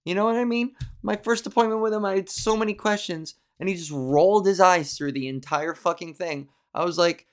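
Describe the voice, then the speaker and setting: A woman's voice: fairly low pitch, fairly quick, hardly any pauses. A young adult woman hosting a solo podcast, rambling and ranting with plenty of swearing in casual monologue. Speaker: podcast host.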